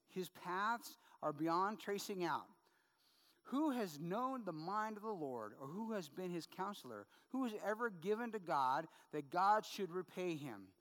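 A middle-aged male pastor gives a sermon in a high, light voice. He talks to the congregation casually, mixing humorous stories with scripture. His voice rings out with a long reverb, as if filling a large hall. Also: a bit bright. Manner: conversational, tag questions, humorous anecdotes.

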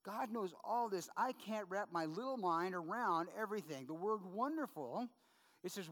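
A man's voice: high voice, lively intonation, normal speed, fairly bright tone. A middle-aged male pastor preaching a sermon in a chatty, conversational way, often checking in with "right?" and telling funny stories from his own life. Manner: conversational, tag questions, humorous anecdotes. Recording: long hall reverb.

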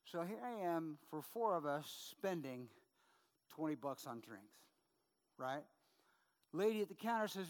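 A middle-aged male pastor gives a sermon in a high, light voice. He talks to the congregation casually, mixing humorous stories with scripture. His voice rings out with a long reverb, as if filling a large hall. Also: lively intonation, unhurried, fairly bright tone. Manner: conversational, tag questions, humorous anecdotes.

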